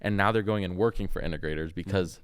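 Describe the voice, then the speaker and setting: A man co-hosts a casual podcast, talking in loose, rambling stretches and laughing easily. His voice sits a bit low. The sound is dry and close, with no room around it. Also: quick pace, clean tone, no echo. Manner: rambling, laughs often, restarts sentences. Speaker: podcast co-host.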